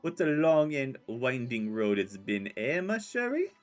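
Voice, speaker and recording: A man's voice: medium pitch, huge pitch swings, unhurried, faint music behind. A man voicing a flamboyant, poetic male swordsman in a theatrical put-on French accent. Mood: grandiose. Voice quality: theatrical, grandiose.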